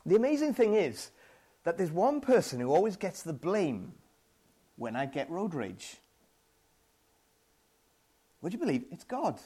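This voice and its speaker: A man's voice: high voice, very animated, unhurried, long pauses, dark tone, breathy edge. A man with a British accent preaching a sermon, conversational and self-deprecating, acting out his own frustrated outbursts.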